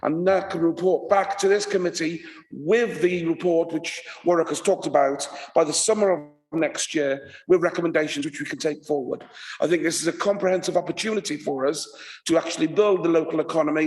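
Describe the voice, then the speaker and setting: A man with a croaky voice, speaking as a councillor at a committee meeting and reading out a formal motion. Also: on the high side, steady tone. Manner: reads out a motion, measured. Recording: echoey hall with long reverb.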